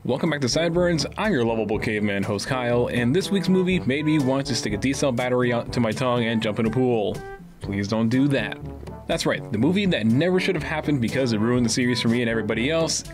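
A man's voice: mid-range voice, expressive, fast talker, over music. A young man hosting a student comedy segment, ranting in exasperation about a bad movie. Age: young adult. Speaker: segment host, movie critic. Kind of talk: scripted comedic movie rant.

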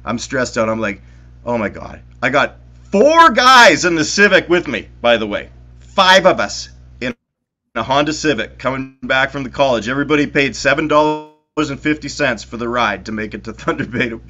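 A middle-aged man from Winnipeg, telling stories to friends on a podcast in an excitable, animated way with plenty of swearing. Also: mid-range voice, normal speed, muffled recording. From Winnipeg, Canada. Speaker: podcast co-host. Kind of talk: casual storytelling among friends.

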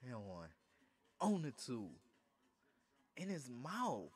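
A man commentating his own basketball video game, swinging from low muttering to excited shouting. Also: slow pace, breathy edge. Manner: hyped, shouting bursts between low muttering. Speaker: gaming streamer. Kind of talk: excited live commentary over gameplay.

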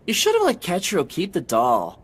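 Cartoon dub: a low-voiced smart-aleck kid, swooping, deadpan delivery. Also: female voice, fairly quick, husky, full character voice.

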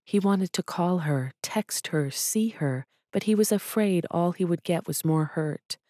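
Brief: woman audiobook narrator, calm and even, lowish voice, very dry close recording. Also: a little slow, no room sound. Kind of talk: scripted narration.

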